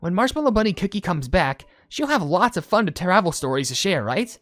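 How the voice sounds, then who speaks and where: A woman's voice: lowish voice, big pitch swings, brisk, no echo. A woman voicing bubbly young female cookie characters in a game cutscene, with a perky, bouncy delivery. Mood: gentle.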